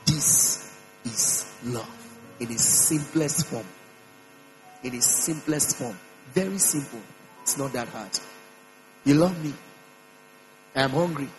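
A man preaching a sermon in a church, emphatic, repeating phrases and swinging his pitch up and down. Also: a little slow, pauses often, low-quality recording. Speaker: pastor. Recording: mains hum with faint music behind.

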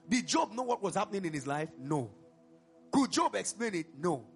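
A man preaching a sermon in an animated way, asking the congregation questions and answering them himself. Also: high voice, moderate pace, gravelly, soft background music. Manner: breaks into song mid-sermon.

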